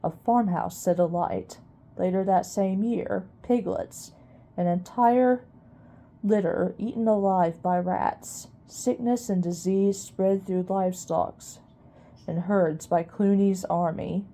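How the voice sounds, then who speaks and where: Woman doing an ancient squeaky mouse archivist. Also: fairly even intonation, takes it slowly, mellow. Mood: recounting. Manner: squeaky, barely above a whisper, muttering. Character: ancient wise old male mouse archivist.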